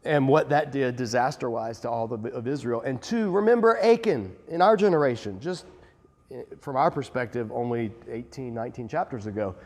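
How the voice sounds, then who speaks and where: A man leads a Bible lesson in an animated, emphatic teaching voice of ordinary pitch. He talks conversationally and pokes fun at himself along the way. His voice rings out in a room with a long reverb tail. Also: normal speed. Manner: animated and emphatic, with self-deprecating asides.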